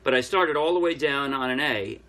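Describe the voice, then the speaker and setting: In this casual music tutorial, a man explains ukulele technique step by step as he strums. He speaks a little fast in a mid-range voice, and the ukulele plays in the background.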